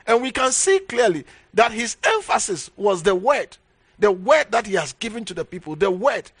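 A man's voice: sits high, big pitch swings, moderate pace, fairly bright tone, breathy edge, dry recording. A man preaching a sermon as a bishop, emphatic and repetitive, calling out hallelujah between points. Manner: emphatic, repeats key phrases, frequent hallelujahs.

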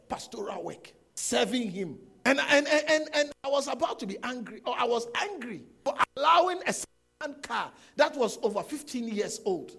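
A man's voice: extremely high pitch, gravelly, fairly bright tone, breathy edge. A man preaching a sermon to a congregation, emphatic, repeating phrases and firing rhetorical questions. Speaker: pastor. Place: church service before a congregation.

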